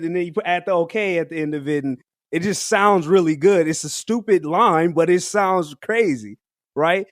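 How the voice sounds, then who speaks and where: Man, fairly high voice, slangy casual podcast chat, laughs a lot, dry close sound. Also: dry recording. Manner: slangy, laughs often, rambling restarts. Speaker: podcast co-host. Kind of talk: casual music review chat.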